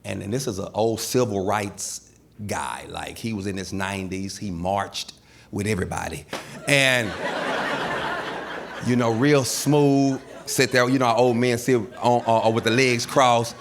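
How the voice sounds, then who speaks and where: Gravelly middle-aged male stand-up comic. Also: fairly low pitch, measured pace, slight background noise. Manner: animated storytelling, acts out quoted people. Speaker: stand-up comedian. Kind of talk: stand-up comedy routine. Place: comedy stage before a live audience.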